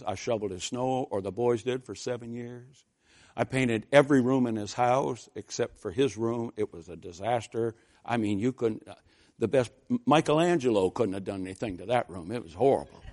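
A man preaching a sermon, telling folksy stories in a conversational way and building to loud, fervent exhortation. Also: medium pitch, normal speed.

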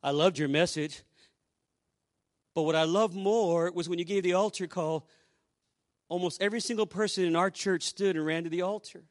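A male pastor preaching and telling a story to a congregation, swinging between hushed asides and loud exclamations. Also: high-pitched, moderate pace, pauses often. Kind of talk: sermon storytelling.

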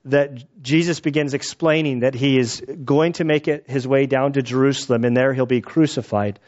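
A man's voice: mid-range voice, darkish tone. Man, casual Bible teaching, acts out quotes, dull lo-fi sound. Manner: conversational, acts out quotes with laughs.

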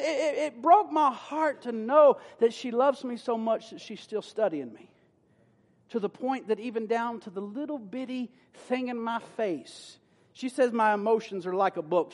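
Male pastor, very high voice, folksy sermon delivery with loud emphatic peaks, long church reverb. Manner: folksy, playful preaching with rising emphatic bursts. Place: church sanctuary.

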